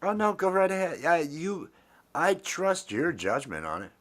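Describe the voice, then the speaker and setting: A man's voice: fairly high pitch, very animated, measured pace, a bit bright. A man hosting a casual chat, talking in a rambling, affectionate way with many fillers and restarts. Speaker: host.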